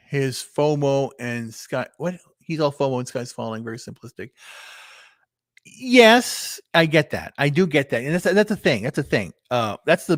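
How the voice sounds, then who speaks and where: Halting man in his fifties, rambling solo. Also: medium pitch, no room sound, clean studio sound. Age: 50s. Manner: meandering, halting, many restarts and repeated words; blunt, swears casually. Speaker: vlogger. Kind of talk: rambling solo livestream talk.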